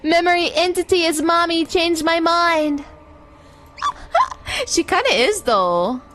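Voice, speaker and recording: Bubbly high-voiced young woman streamer. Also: slow. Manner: bubbly, excitable, giggly. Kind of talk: live-streamed gameplay chat.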